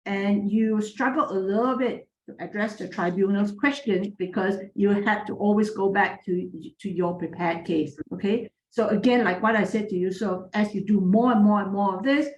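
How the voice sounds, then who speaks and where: A woman judging a moot court, giving frank but encouraging feedback to students in a clear, projecting voice, with many fillers and restarts. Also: medium pitch, normal speed, hardly any pauses, reverberant, lo-fi sound.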